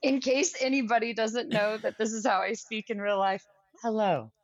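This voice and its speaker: A woman's voice: on the high side, steady tone, moderate pace, no room sound, muffled recording. A woman from California with a Californian accent, co-hosting a podcast in a chatty, self-deprecating way. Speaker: actress, podcast co-host. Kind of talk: casual podcast chat.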